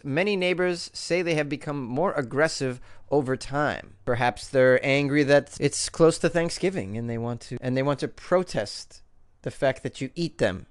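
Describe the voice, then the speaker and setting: Radio host guy from massachusetts, kinda high voice, wry jokey news riffing. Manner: wry, joking, animated. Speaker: radio talk show host. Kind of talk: comedic news talk.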